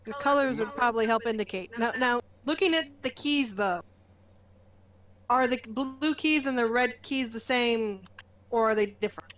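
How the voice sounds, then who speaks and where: A woman's voice: fairly high pitch, moderate pace, a little hiss or hum. A woman playing in a tabletop game, chatting casually and hesitantly with frequent ums. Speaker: player.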